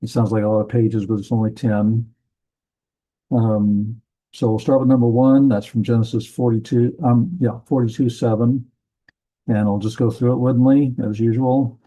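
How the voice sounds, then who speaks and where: A man teaching a slow classroom lesson, thinking aloud and correcting himself as he goes. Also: on the low side, steady tone, mellow, rough recording. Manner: deliberate, thinking aloud with many ums and self-corrections. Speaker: Bible language teacher. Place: church classroom.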